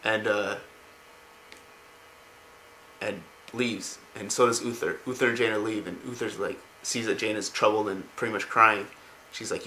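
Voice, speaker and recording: Bright-voiced man casually retelling game lore. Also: fairly low pitch, steady tone, measured pace, long pauses, slight background noise, low-quality recording. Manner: rambling, many fillers and restarts. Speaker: lore video narrator.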